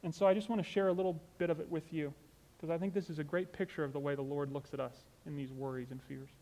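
Earnest conversational preacher, man, higher pitch. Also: steady tone, fast talker, dark tone, long reverb tail. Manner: conversational and earnest, with asides like "you know". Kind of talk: sermon.

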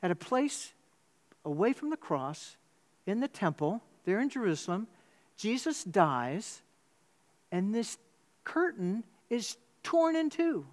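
A man preaching a sermon in church, telling a story with sudden jumps in pitch. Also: big pitch swings, slow pace, long pauses. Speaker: pastor.

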